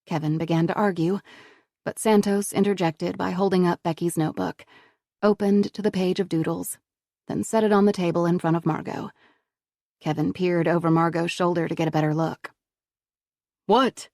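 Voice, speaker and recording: A woman narrating a crime novel audiobook in a steady, even storytelling manner. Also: lowish voice, a little fast, vocal fry, no room sound, studio quality. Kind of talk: scripted narration.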